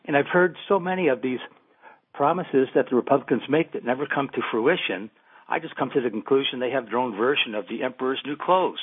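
An indignant male caller rushes through his point with a husky voice. He comes through a thin, tinny telephone line. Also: mid-range voice. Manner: fast, indignant, questioning. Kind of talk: call-in radio.

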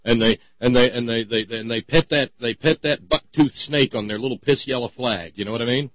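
A male talk radio host who rambles and stammers through restarts, dripping with sarcasm. His pitch leaps up and drops off in a lively way. The sound is dry and a little muffled. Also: fairly quick, no room sound.

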